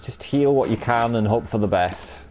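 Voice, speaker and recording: A man's voice: mid-range voice, normal speed, darkish tone, faint music behind. Swearing, bantering male game streamer. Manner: banter-filled, swears freely, teases chat. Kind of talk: live gameplay commentary chatting with viewers.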